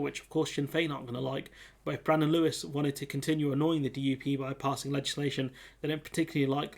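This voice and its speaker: A man's voice: mid-range voice, creaky. A man reading political commentary aloud and reacting to it with sarcastic, exasperated remarks.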